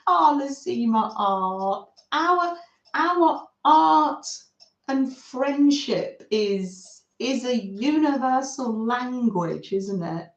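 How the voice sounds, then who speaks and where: A slow, lively-pitched woman hosting a craft livestream, gushing over everything and reading viewers' messages aloud. The room is echoey and the sound a little dull. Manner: gushing, warm-hearted, reads chat aloud. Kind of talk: chatty livestream talk to viewers. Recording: roomy, slightly dull sound.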